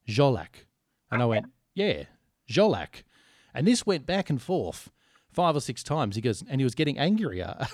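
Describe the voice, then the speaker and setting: A man with an Australian accent co-hosting a podcast, chatting in a relaxed, rambling way with dry humour. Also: medium pitch, no echo. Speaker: podcast co-host. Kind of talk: casual chat.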